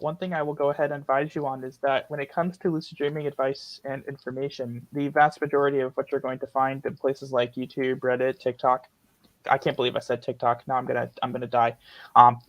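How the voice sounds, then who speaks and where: A man's voice: mid-range voice, no echo, rough recording. A man hosting a casual live-stream Q&A, joking and often stumbling and repeating words as he talks. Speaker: host of lucid dreaming Q&A stream.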